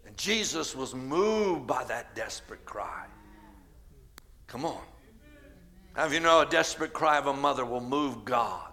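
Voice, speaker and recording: A man preaching a Mother's Day sermon with an American accent, swinging from shouted cries to hushed storytelling. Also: mid-range voice, animated, measured pace, long pauses, some chatter behind. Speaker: pastor.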